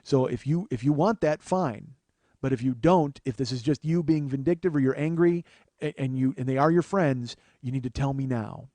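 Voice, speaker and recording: A man's voice: mid-range voice, normal speed, dark tone, dry recording, lightly acted. A man voicing a stern male police officer, firm and lecturing.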